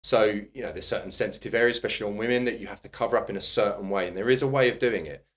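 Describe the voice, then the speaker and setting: A man's voice: lowish voice, racing. A man, a personal trainer and podcast guest, telling a casual anecdote with lots of swearing and laughter. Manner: animated, swearing, laughing storyteller.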